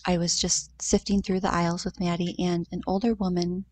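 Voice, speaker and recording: A woman in her thirties telling a personal story in a heartfelt, conversational way, with short pauses and fillers. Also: fairly low pitch, little pitch movement, dry recording. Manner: heartfelt, conversational, acts out quoted voices. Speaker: mother sharing a grief story.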